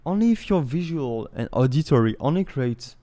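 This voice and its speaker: A man teaching a meditation technique in a casual, animated way, explaining step by step and swearing now and then. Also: on the high side, moderate pace.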